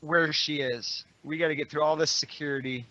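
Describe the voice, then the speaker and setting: A man with a bright, slightly high voice plays a tabletop game. He weighs the risks in a measured way. The sound is dry and close. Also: fairly even intonation, no echo, dull audio. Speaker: player. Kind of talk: casual tabletop play.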